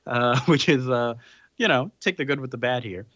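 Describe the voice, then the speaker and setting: A man's voice: mid-range voice, moderate pace, no room sound, dull audio. Man casually recapping a comic. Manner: relaxed recap with frequent ums and chuckles. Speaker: podcast host. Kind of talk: casual chat, summarizing a comic.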